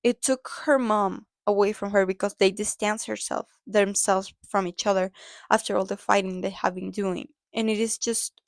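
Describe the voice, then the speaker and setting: A woman in the middle of her range talks her viewers through a movie in a casual, excited way. She leans on "like" and "literally" and speaks as a dancer. The sound is dry and close, with no room echo. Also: medium pitch, moderate pace, gravelly. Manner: chatty and gushing, with lots of "like" and "literally"; dancer talking from personal experience. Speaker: movie review vlogger.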